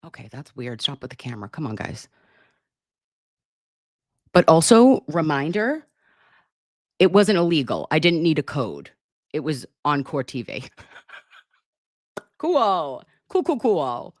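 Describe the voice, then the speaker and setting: A woman's voice: sits low, very animated, a little slow, long pauses, no room sound, clean studio sound. A woman hosting a casual livestream from home, chatting with viewers in a playful, profane way. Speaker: livestream host.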